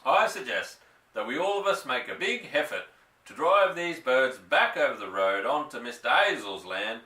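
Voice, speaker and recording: A man's voice: mid-range voice, sing-song, moderate pace, sharp tone, echoey room, recorded from a distance. A man voicing a sly, jovial village police sergeant, dropping and adding h's. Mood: hearty. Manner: hearty, dropping and adding h's, mock-respectful.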